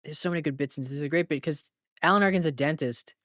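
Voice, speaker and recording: A man's voice: on the high side, quick pace, fairly bright tone, no room sound. Man, podcast co-host, casual movie chat, retells scenes with fillers, dry close sound. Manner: retells scenes, often laughing, many fillers.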